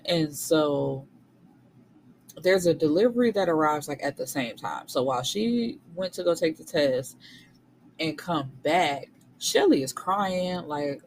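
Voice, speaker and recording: A woman's voice: low voice, a little mellow, a little hiss or hum, low-quality recording. A woman recapping a novel's plot in a casual, slangy way, swearing freely and acting out the characters. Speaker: book reviewer.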